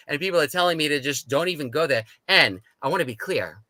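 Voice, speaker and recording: A slightly high-voiced American man talks fast with few pauses as a talk show guest, relaying his story casually and animatedly while acting out quoted dialogue. There is no room sound, though the recording is rough.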